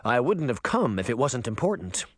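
A man's voice: medium pitch, sing-song, normal speed, dry recording. A man voices an anxious uncle who stammers as he speaks. The delivery is plain and close, with a dry sound and no room around it. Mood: nervous. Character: nervous adult uncle, stammering.

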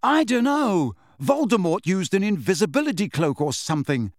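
A man voicing an agitated teenage boy wizard who speaks urgently and shouts, in an audiobook reading. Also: on the high side, big pitch swings, normal speed, no echo, studio quality, pitched above the performer's own voice. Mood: urgent, shouting.

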